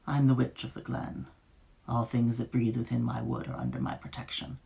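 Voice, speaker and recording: A woman doing a rasping stern forest witch. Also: level tone, normal speed, exaggerated voice. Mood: cold. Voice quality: rasping, gravelly. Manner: toneless, low and quiet.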